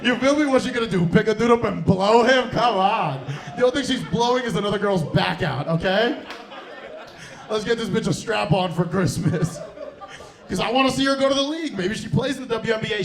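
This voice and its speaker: Young male comic, high-pitched, crude and brash, handheld mic in an echoey club. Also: lively intonation, fairly quick. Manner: crude, brash, laughing at his own jokes. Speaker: stand-up comedian. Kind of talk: stand-up set. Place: comedy club stage. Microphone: handheld stage mic. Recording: roomy club sound.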